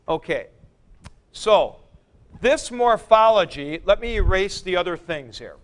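A man's voice: high-pitched, fairly bright tone, clear, resonant tone. A man lecturing a class, thinking aloud and repeating key points for emphasis as he writes on a board in a classroom. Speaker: Greek teacher.

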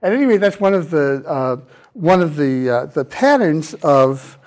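A man's voice: a little high, sing-song, measured pace. A man giving a classroom lecture, explaining step by step, voicing sample vowel sounds to show them and taking questions from students. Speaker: university lecturer.

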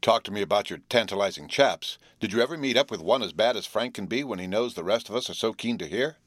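A man's voice: lowish voice, lively intonation, fast talker, a bit bright, no echo, clean studio sound. A man voicing an impatient teenage boy who grumbles and complains.

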